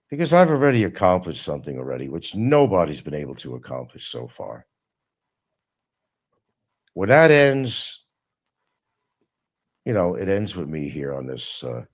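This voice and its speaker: A man's voice: low-pitched, very animated, a little slow, long pauses. A middle-aged man hosting a live stream, talking casually and mocking someone with sarcasm. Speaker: livestream host. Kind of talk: casual livestream monologue.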